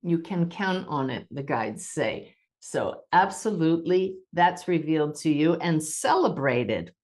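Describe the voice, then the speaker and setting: Woman, low register, spiritual podcast host; calm, reassuring, measured delivery that eases down in tempo at times. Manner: gentle, reassuring.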